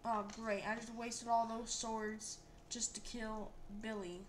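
A young woman commenting casually on her gameplay, excitable and quick to yell or laugh at the game. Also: fairly high pitch, very noisy. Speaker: gameplay video host.

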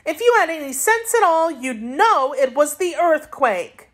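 A woman's voice: expressive, unhurried, a bit bright. A woman voicing a bold little girl who answers back indignantly in a storybook reading. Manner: high, plucky and indignant.

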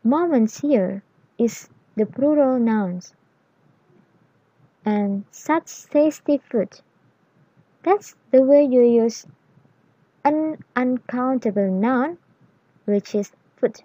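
A woman explaining English grammar in a lesson, reading example words and phrases deliberately. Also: a little high, lively intonation, warm tone, breathy edge, no room sound, poor audio.

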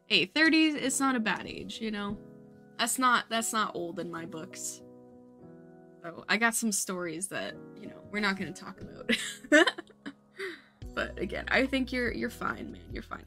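A woman's voice: mid-range voice, animated, measured pace, bright, forceful tone. A woman in her late twenties chatting casually on a gaming livestream, laughing often and swearing freely. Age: late 20s. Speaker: streamer. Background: light background music.

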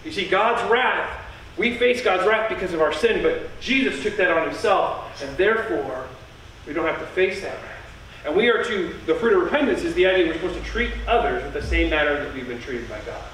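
Brief: high-pitched male preacher, earnest and emphatic, recorded from a distance in a very echoey sanctuary. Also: expressive, fairly quick, a bit bright, slight background noise. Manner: earnest, emphatic, with repeated phrases. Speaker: pastor. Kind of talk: sermon. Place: church sanctuary. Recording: echoey church heard from a distance.

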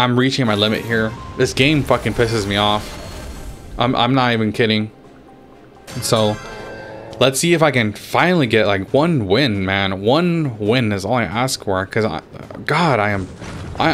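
A man's voice: on the low side, fairly bright tone. A young man giving casual gameplay commentary, getting frustrated, swearing and trash-talking opponents as he plays. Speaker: gaming YouTuber.

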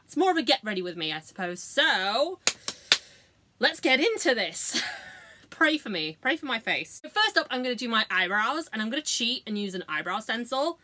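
Bright, giggly woman chatting. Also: on the high side. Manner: sweary, giggly, self-mocking. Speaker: beauty vlogger. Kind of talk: casual makeup tutorial chat.

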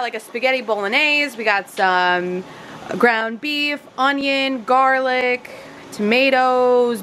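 A woman's voice: fairly high pitch, a bit bright, slight background noise. A woman filming a casual home vlog in her family kitchen, playful and chatty, dropping into silly voices now and then. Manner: playful, slips into silly voices and put-on accents. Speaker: vlogger.

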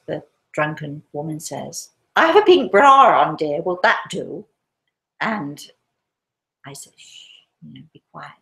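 An English woman, a spiritualist medium, telling a story live and dropping to a hushed, gentle voice when quoting herself. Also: on the low side, poor audio.

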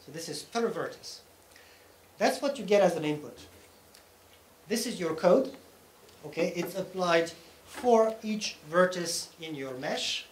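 A man presents at a technical conference, walking through each point step by step and pausing to check that the audience is following. His voice sits somewhat high. The hall around him echoes, with a faint hum of room noise beneath. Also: expressive. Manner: explains step by step, often checking in with "okay?". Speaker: conference speaker.

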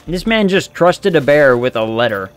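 A man's voice: on the high side, animated, moderate pace, smooth. A man streaming a video game, making wry, joking asides as he plays. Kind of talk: casual game commentary.

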